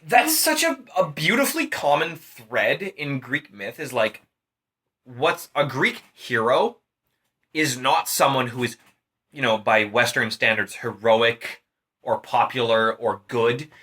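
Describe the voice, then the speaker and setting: A man's voice: mid-range voice, expressive, slow, sharp tone, slightly rough. A tipsy young man casually retelling a Greek myth in a rambling, profane way. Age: young adult. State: drunk. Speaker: storyteller.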